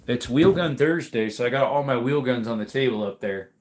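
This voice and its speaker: A man hosting a livestream, reading viewer comments aloud in a relaxed, rambling way while yawning. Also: medium pitch, fairly quick, slight background noise. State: sleepy, yawning. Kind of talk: casual chat.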